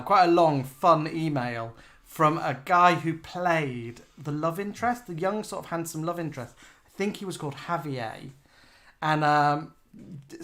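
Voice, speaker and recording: A chatty man in his forties with a slightly higher voice for his sex, co-hosting a relaxed live show. He tells self-mocking stories and reads out viewers' comments as he goes. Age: 40s. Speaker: co-host of a live online show. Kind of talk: casual chat reading out viewer comments.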